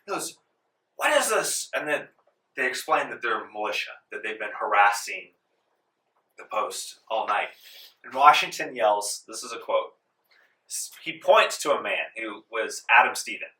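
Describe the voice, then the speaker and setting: A man's voice: lowish voice, animated, normal speed, sharp tone. A man narrating as game master of a tabletop game in a casual style, with plenty of "um" and "like", recorded in a library meeting room. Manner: casual, filler-heavy narration. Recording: roomy room, distant mic.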